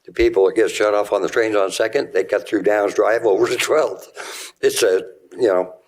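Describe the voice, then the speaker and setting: Deep-voiced rambling local man. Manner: rambling, plainspoken, full of local detail. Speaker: resident giving public comment. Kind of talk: public comment at a city meeting.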